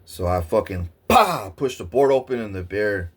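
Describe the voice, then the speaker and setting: Low-voiced man telling a wild story. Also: moderate pace, husky. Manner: profane, rambling, excitable. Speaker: vlogger. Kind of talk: casual storytelling.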